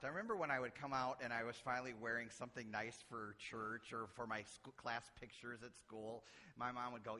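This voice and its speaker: A man's voice: mid-range voice, a little fast, sharp tone, slight background noise. A middle-aged man from Illinois, a pastor preaching a sermon with folksy, humorous stories. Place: church sanctuary. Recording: church hall reverb.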